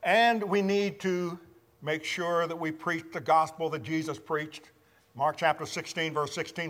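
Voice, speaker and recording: A man preaching a sermon, teaching from scripture in a measured, emphatic way. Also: a little high, steady tone, fairly bright tone, long reverb tail.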